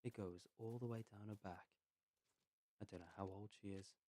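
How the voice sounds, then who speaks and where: A man reading a first-person story aloud in an unhurried way with pauses, sometimes muttering asides to himself while he plays a game. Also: lowish voice, steady tone, dark tone. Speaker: narrator.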